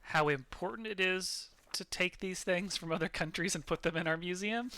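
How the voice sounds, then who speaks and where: A man's voice: high-pitched, moderate pace, sharp tone. A man co-streaming a mystery game, chatting casually with dry, understated humor. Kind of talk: casual chat.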